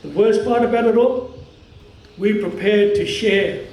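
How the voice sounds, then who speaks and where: An Australian man from the Cairns region giving an impassioned public speech at a commemoration, talking strong and forceful in halting phrases. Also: high-pitched, reverberant, distant mic, poor audio. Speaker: community speaker at a commemoration.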